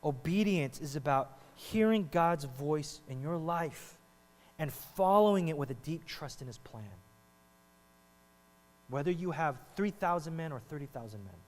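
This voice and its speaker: A male pastor preaching in a lively, conversational way, checking in with the congregation again and again. His voice sits a little high for a man. The sound carries a long hall reverb with a faint mains hum underneath. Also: unhurried. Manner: animated, talks to the congregation with frequent "right?". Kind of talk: sermon. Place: church hall.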